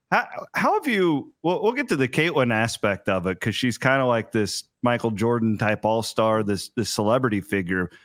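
A man's voice: mid-range voice, dry recording, clean studio sound. A middle-aged man hosting a podcast interview, asking questions in an eager, upbeat way. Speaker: podcast host. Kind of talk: casual interview chat.

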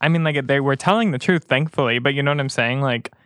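A man hosting a casual podcast chat, asking supportive follow-up questions with quick interjections. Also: medium pitch, a bit bright, smooth, no room sound, studio quality. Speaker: podcast host.

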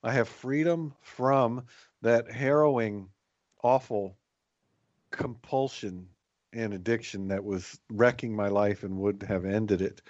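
A man co-hosting a reflective spiritual talk about recovery, speaking in a thoughtful, measured way with some restarts. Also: fairly low pitch, steady tone, a little mellow, no room sound, muffled recording. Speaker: podcast co-host in recovery.

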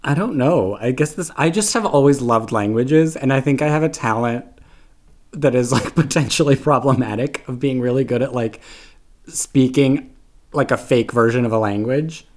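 A young man from Serbia, raised in Canada, chatting casually and playfully as a podcast guest, animated and swearing freely. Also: medium pitch, normal speed. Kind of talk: casual chat.

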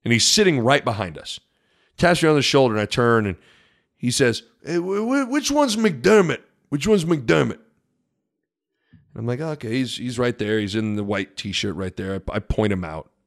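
A middle-aged man hosting his own podcast, a basketball commentator chatting casually and telling animated stories with big swings in pitch and loudness. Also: fairly quick.

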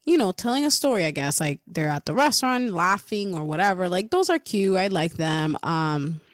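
A woman's voice: on the low side, expressive, moderate pace, dry recording, clean studio sound. A woman from Puerto Rico co-hosting a podcast, chatting casually, laughing often, swearing freely and acting out quoted texts. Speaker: podcast co-host. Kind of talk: casual chat.

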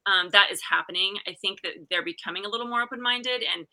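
A middle-aged woman, a podcast guest, chatting and telling a story in a lively, animated way with restarts and laughter. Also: mid-range voice, fast talker. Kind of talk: casual storytelling chat.

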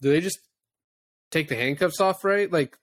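A man co-hosting a casual movie podcast, retelling scenes with lively quoted voices and laughter. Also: a little high, normal speed, no room sound. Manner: animated storytelling, acts out scenes in quoted voices. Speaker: podcast co-host.

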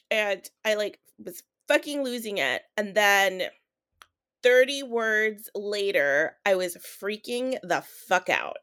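Woman podcast co-host, mid pitch, excitable, casual swearing. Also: takes it slowly. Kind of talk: casual book discussion.

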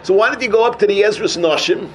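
A man's voice: sits high, quick pace, fairly bright tone, slight background noise. A man voicing a determined young yeshiva student in a Yiddish-inflected English.

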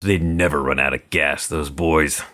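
A man's voice: extremely low pitch, fairly even intonation, measured pace, fairly bright tone. A man voicing a hard, wary male gangster on the run, in clipped, guarded tough-guy talk. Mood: grim. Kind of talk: audiobook character voice.

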